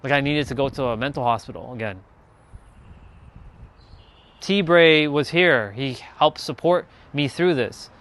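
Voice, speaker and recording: A man's voice: medium pitch, measured pace, long pauses, a bit bright. A man telling a personal spiritual story, earnest and rambling, with many restarts and trailing phrases. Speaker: spiritual content creator.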